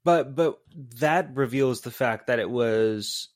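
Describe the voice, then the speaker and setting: A man's voice: medium pitch, slow pace. A man co-hosting a casual movie podcast, chiming in and asking questions. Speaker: podcast co-host.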